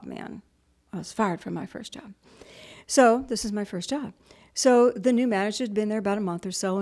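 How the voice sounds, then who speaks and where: Chatty woman giving a spiritual talk. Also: medium pitch. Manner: chatty storytelling that acts out other people's voices; drops into soft whispers on key points. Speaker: spiritual teacher.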